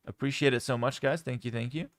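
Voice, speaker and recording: Relaxed Canadian-raised man chatting to his stream. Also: mid-range voice, quick pace. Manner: relaxed, rambling, many ums and repeated words. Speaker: streamer answering chat. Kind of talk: casual livestream chat. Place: home.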